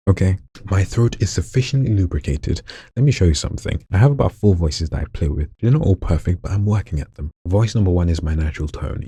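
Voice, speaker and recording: Very deep gravelly man chatting. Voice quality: very deep, gravelly voice with vocal fry. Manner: relaxed, chatty, jokey asides. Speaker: hobby voice actor. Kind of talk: casual vlog, demonstrating voices. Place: at home late at night.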